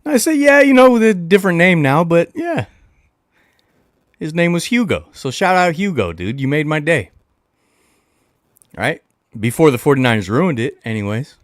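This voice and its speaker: A man hosting a casual livestream chat, talking to his viewers in a playful, animated way. He blows kisses into the mic, repeats lines for emphasis and refers to himself in the third person. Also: fairly high pitch, moderate pace, long pauses, dry recording, studio quality. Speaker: livestream host.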